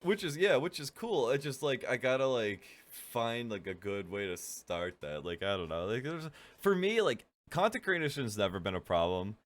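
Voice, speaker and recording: A man's voice: mid-range voice, sing-song, normal speed, hardly any pauses. A man co-hosting a podcast in casual chat, laid-back and laughing often. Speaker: podcast co-host.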